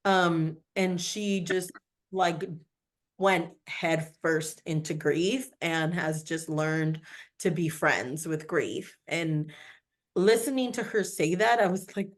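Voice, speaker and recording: A woman guest on a podcast, talking in a rambling, animated way full of "like" and "you know". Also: lowish voice, slow. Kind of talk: casual chat.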